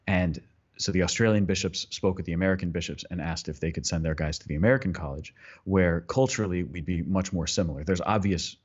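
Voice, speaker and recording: Low-voiced priest rambling on a podcast. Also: male voice, fast, slightly rough, highs cut off. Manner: rambling, full of restarts and tangents. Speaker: priest co-host. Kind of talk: casual podcast chat.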